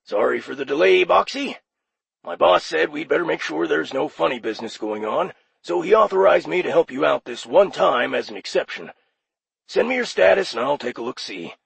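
A man voicing a friendly male demon phone operator with a raspy voice and chummy customer-service patter, in an audiobook. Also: on the high side, expressive, moderate pace, voice pushed up. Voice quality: raspy, gravelly. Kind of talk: audiobook character voice.

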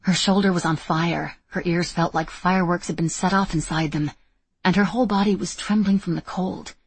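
Woman audiobook narrator, measured, low pitch, breathy, dry close sound. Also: steady tone, no room sound. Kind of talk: scripted narration.

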